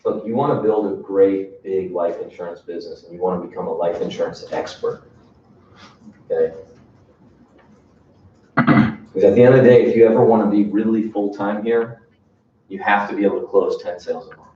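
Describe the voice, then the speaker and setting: A man's voice: sits low, brisk, pauses often, a little hiss or hum. A man leading a sales training session in an emphatic coaching manner, often checking in with "right?". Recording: distant, echoey room, dull sound.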